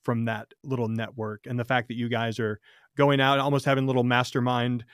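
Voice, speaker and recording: A man hosting an interview, talking in a loose, rambling way and growing animated when he jokes. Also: medium pitch, fairly quick, smooth, no room sound, studio quality. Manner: rambling, with many fillers and restarts, animated when joking. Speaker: podcast host. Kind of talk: casual interview conversation.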